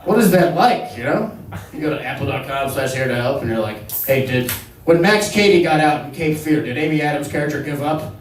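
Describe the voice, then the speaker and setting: A man's voice: fairly high pitch, animated, fairly quick, reverberant, far from the mic, a little hiss or hum, poor audio. A man performing a stand-up comedy set in a club, rambling and profane and laughing at his own jokes. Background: audience.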